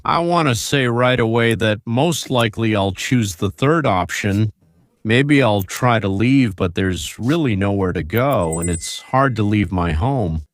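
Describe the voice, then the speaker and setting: A male host offers opinionated political commentary in a low voice, building his case through rhetorical questions and hypothetical scenarios aimed directly at viewers. The recording is close and dry, with no echo.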